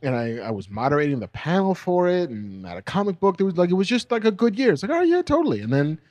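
A man's voice: on the high side, very animated, fast talker, a little mellow, dry recording. A middle-aged man co-hosting a podcast, telling a story in a rambling way full of fillers. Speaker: podcast co-host. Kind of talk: casual chat.

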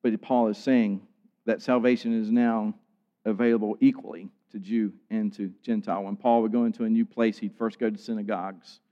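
A man's voice: lowish voice, fairly even intonation, fairly quick. A man preaching a sermon in an earnest way, building to emphatic peaks. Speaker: pastor. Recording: dull sound with long hall reverb.

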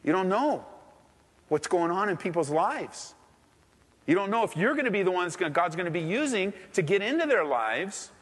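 Male pastor, higher-pitched, passionate sermon style, long church reverb. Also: big pitch swings, moderate pace, a bit bright, breathy edge. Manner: impassioned preaching, voice rising sharply in acted prayers. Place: church sanctuary.

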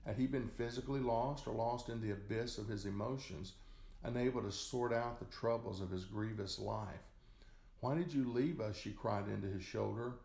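A man reading a short story aloud as narrator, in a slow, measured way. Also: lowish voice, fairly even intonation, gravelly, darkish tone. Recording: echoey room.

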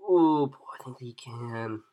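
A man running a tabletop game as game master, relaxed and chatty, thinking aloud with fillers. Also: mid-range voice, measured pace.

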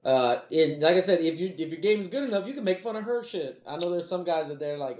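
A man's voice: a little high, fast, few pauses. Profane joking man, echoey room. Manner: profane, joking, animated storytelling. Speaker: podcast co-host. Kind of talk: casual podcast banter.

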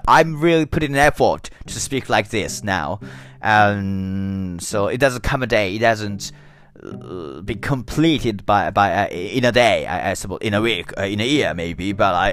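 A man's voice: lowish voice, fairly bright tone. A man with a Japanese accent talking in a casual monologue, careful and hesitant, often restarting words. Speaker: podcast host.

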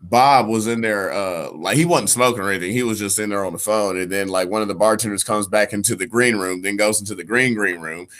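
A male comedian, a podcast guest, telling a slangy, animated story in casual chat. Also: on the low side, fairly quick, hardly any pauses. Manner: animated, slangy, acts out quoted voices.

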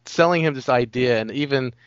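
Male podcast co-host, middle pitch, loose rambling film talk, dry muffled recording. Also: brisk, clear, resonant tone, no room sound. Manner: rambling, heavy on "like" and "you know". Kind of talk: casual movie discussion.

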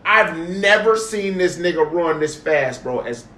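A young man, telling a story to friends in a casual, animated way, swearing and repeating himself for emphasis. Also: a little high, unhurried, recorded from a distance. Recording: echoey room, from off the mic, faint noise.

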